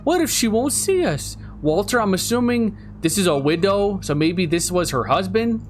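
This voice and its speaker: A playful man commenting on a horror game, his voice bouncing all over with a fairly high pitch. He jokes and teases his audience in a relaxed, chatty way, with faint music playing under him. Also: normal speed. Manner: playful, teasing, jokes to viewers. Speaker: gaming video host. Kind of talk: casual let's-play commentary.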